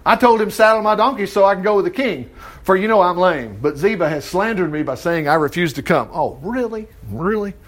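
A man teaching an informal Bible study, reading scripture aloud and breaking in with lively comments. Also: high-pitched, a little fast.

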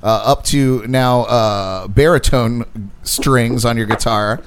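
A man's voice: mid-range voice, slow pace, background noise. A male show host chatting casually with a guest, responding in a friendly, encouraging way. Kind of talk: casual interview chat.

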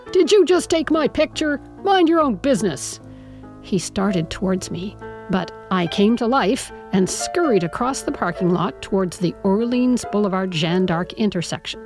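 A woman's voice: mid-range voice, vocal fry, a little mellow. A woman reading her own first-person story aloud in a wry, conversational way, sometimes dropping to a whisper.

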